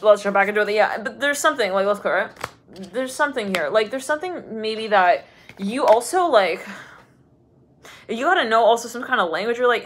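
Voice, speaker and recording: A woman's voice: mid-range voice, fairly bright tone, a little hiss or hum. A woman giving a casual tarot reading, chatty and rambling, laughing often and filling her talk with loose asides. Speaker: tarot reader.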